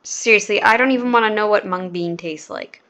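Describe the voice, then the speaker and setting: A woman's voice: mid-range voice, a little fast. A woman hosting a reaction video, talking in a casual, sarcastic and mocking way.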